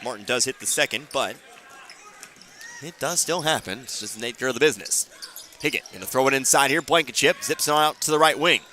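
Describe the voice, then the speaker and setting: A man calling a high school basketball game on the radio, quick play-by-play with dry asides. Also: bright, forceful tone, slight background noise. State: hiccuping. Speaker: play-by-play announcer.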